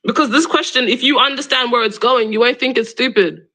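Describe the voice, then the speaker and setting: Bright-voiced woman, exasperated streamer. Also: a little high, brisk, low-quality recording. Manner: argumentative, exasperated, repeats her question. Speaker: livestream debate host. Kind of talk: live streamed debate.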